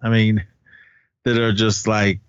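A man's voice: fairly low pitch, level tone, slow, clear, resonant tone, no room sound. A man co-hosting a podcast from home, talking films in a rambling, self-correcting casual chat. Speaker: podcast co-host reviewing films. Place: at home with a child nearby. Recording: dull lo-fi dry recording.

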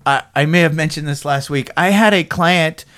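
A man in his fifties with a hoarse frog in his throat, hosting a casual podcast in a rambling, self-deprecating way and swearing now and then. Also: a little high, moderate pace, fairly bright tone, no echo, studio quality. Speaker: podcast host.

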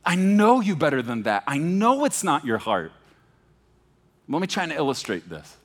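A pastor from Texas preaching a sermon, moving between hushed, slow emphasis and animated, emphatic passages. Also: male voice, on the high side. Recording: long hall reverb.

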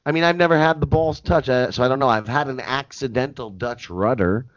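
A man co-hosting a podcast, dropping crude deadpan one-liners in casual banter. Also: mid-range voice, a little fast. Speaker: podcast co-host. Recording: dull lo-fi podcast audio.

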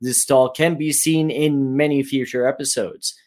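A man's voice: medium pitch, steady tone, normal speed, a little mellow. A man co-hosting a casual podcast, chiming in with easygoing agreement and reading out trivia. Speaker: podcast co-host.

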